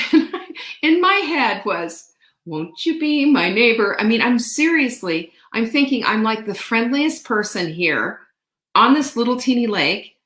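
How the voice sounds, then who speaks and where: A woman hosting a show, telling a story in a chatty, animated way with playful asides. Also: on the high side, measured pace. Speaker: show host. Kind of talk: casual storytelling monologue. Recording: roomy echo.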